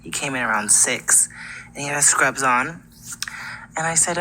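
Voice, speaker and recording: Low-voiced bright gal from california telling a spooky story on a live call, chatty, slight hiss behind. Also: female voice, normal speed, rough recording. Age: 20s. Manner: chatty, acts out quoted dialogue. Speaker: caller telling a ghost story. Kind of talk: casual storytelling.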